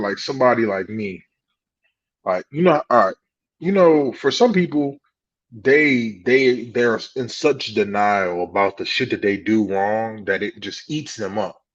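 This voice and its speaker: A man co-hosting a podcast in casual chat, telling animated stories, swearing freely and laughing at himself. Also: lowish voice, unhurried, no room sound, highs cut off. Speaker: podcast co-host.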